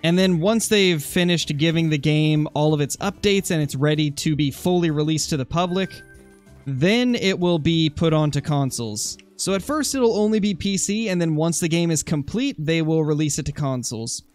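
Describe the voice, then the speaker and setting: A man's voice: fairly high pitch, moderate pace. Chatty streamer man with music behind. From Oregon, USA. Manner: chatty, answers chat comments while hunting. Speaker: gaming streamer. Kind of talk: casual live-stream commentary.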